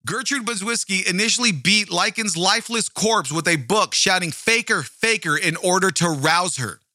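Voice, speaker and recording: A man's voice: high voice, normal speed, bright, forceful tone, dry recording, clean studio sound. A man hosting a true-crime show, reading the case aloud and breaking off into blunt, profane asides to his listeners. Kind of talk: true-crime narration with commentary.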